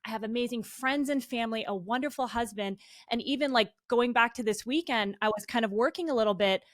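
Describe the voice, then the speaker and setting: A woman's voice: a little high, brisk, no echo, clean studio sound. A woman in her thirties hosting an interview, talking in an earnest and reflective way. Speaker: podcast host. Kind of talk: conversational interview.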